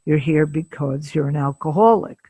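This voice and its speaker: A woman in her seventies, a psychotherapist, telling a case story slowly and deliberately in an interview, with frequent pauses. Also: deep voice, mellow, husky, no room sound. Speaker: psychotherapist guest.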